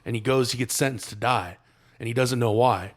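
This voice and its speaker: A man of middle pitch rambles through a movie plot for his co-hosts. He talks in slang and swears freely. He stumbles and restarts as he goes. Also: brisk. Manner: loose, profane storytelling with slang and restarts. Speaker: podcast co-host. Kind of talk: casual chat, retelling a movie plot.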